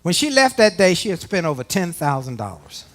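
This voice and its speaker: A middle-aged man from Washington giving a live motivational speech to a work audience, animated and folksy, talking straight to the crowd. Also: high-pitched, fairly quick. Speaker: motivational speaker. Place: conference room before a live audience.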